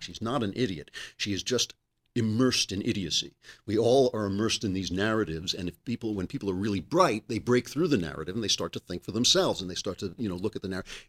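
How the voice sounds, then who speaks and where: A middle-aged man hosting a political commentary show, talking in a sarcastic, animated monologue. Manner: sarcastic, animated, talks with his hands in pitch swings. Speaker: podcast host.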